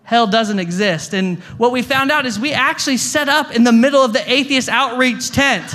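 A young adult man preaches a storytelling sermon as a guest pastor, speaking conversationally with jokey asides. He stammers, restarts and repeats many words, in a very high, sharp voice that runs a little fast.

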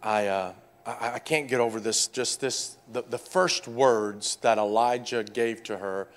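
A man preaching a sermon to his congregation, swinging from loud, animated calls to quiet, hushed pleading. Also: on the low side, unhurried. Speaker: pastor.

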